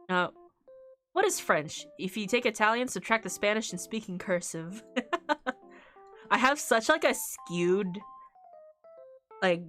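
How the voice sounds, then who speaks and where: A woman's voice: mid-range voice, a bit bright. A woman streamer in a casual, rambling chat, often breaking into laughter.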